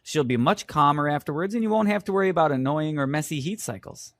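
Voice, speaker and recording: A patient vet who explains with reassurance in an exam recording. His voice is fairly high and very lively in pitch, recorded dry in a studio. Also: fast talker, dry recording. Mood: reassuring. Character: calm reassuring male vet. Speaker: vet in a scripted exam dialogue. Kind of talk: scripted exam role-play.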